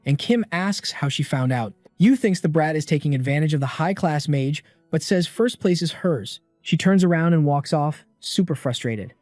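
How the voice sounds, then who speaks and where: A man narrates a comic recap in a casual, brisk storytelling manner. His voice sits a little high. It is recorded close and dry, with faint music underneath. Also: a little mellow, no echo. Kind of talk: scripted narration.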